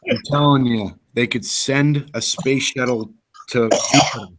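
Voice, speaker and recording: A man from the northern US co-hosting a casual radio chat, full of excitable, laughing banter. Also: mid-range voice, unhurried, noisy background. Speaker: co-host.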